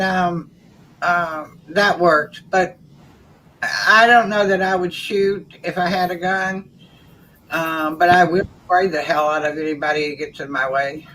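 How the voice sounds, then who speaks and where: A woman's voice: lowish voice, a bit bright, poor audio. A woman with a Southern US accent, chatting casually and telling stories with a wry edge. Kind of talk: casual podcast chat.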